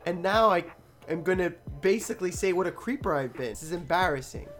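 Brief: young woman podcast host, lower voice, animated, profane storyteller. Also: fairly quick, soft background music. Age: young adult. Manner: animated, swears a lot, laughs often. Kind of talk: casual storytelling.

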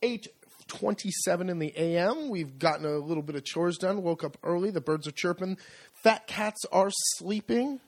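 A man co-hosting a relaxed podcast, his voice sitting a little high for a man. He talks in a loose, rambling way, full of ums and false starts. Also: normal speed. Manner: rambling, many fillers and restarts. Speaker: podcast co-host. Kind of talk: casual chat.

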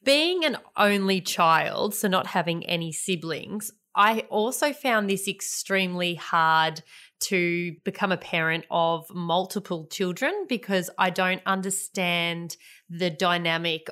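A woman's voice: fairly low pitch, a bit bright. A woman in her thirties, hosting a podcast, chatting casually and telling stories about her family. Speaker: podcast host. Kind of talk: casual chat.

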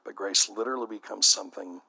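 Gravelly, bright-voiced preaching man. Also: on the low side, fast, rough recording. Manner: storytelling preacher, animated and conversational. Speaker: bishop. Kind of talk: sermon to church leaders.

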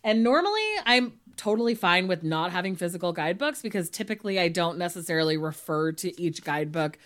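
A woman's voice: fairly low pitch, fast, fairly bright tone. A woman co-hosting a podcast, chatting in a casual, upbeat way and often laughing. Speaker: podcast co-host. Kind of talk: casual chat.

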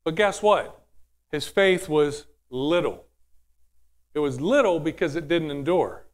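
A man's voice: on the high side, animated, a little slow. A man preaching a sermon in a conversational way, often asking the audience questions.

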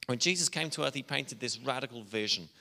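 A man's voice: mid-range voice, fairly quick, creaky, pushed and bright. A man preaching a sermon as pastor, talking conversationally with asides and restarts. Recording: long reverb of a church hall.

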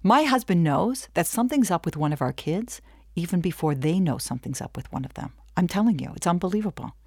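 A middle-aged woman teaching a webinar, talking in a lively way and acting out little back-and-forth dialogues. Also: on the low side, a little fast, breathy edge, no echo, studio quality. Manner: animated, acts out little dialogues with laughs. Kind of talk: lively talk to an audience.

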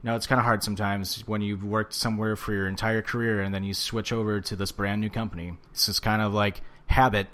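A man co-hosting a casual wrestling podcast, ranting and swearing with animated bursts of shouting. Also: fairly low pitch, quick pace, few pauses. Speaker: podcast co-host. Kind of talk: casual wrestling recap chat.

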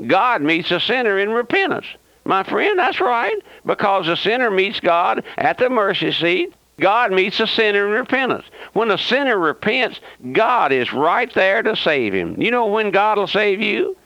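A man's voice: high-pitched, sing-song, normal speed, pushed and bright, dry recording. A man preaching a radio sermon, fervent and folksy, repeating himself and firing rhetorical questions at his listeners with a sarcastic edge. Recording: dry, muffled lo-fi radio recording.

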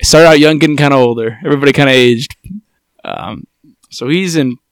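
Gravelly-voiced man joking on a podcast. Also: mid-range voice, brisk, no room sound, clean studio sound. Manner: joking, sarcastic asides, acts out lines. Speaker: podcast co-host. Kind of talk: casual chat recapping TV.

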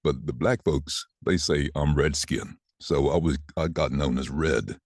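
A man in his sixties who is a voiceover artist, telling lively stories about his life in a relaxed interview. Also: a bass voice, measured pace, dry recording, studio quality. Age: 60s. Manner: chatty, animated anecdotes with laughs. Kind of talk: casual storytelling interview.

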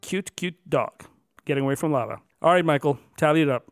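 A man's voice: a little high, a little fast, music in the background. A man co-hosting a casual podcast, announcing numbered categories with extra emphasis and then chatting loosely. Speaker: podcast co-host.

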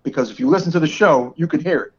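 A man's voice: fairly high pitch, rapid-fire, slightly rough. A man in his forties with a New York area accent, co-hosting a podcast in casual chat and laughing often. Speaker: podcast co-host. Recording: dull lo-fi podcast audio.

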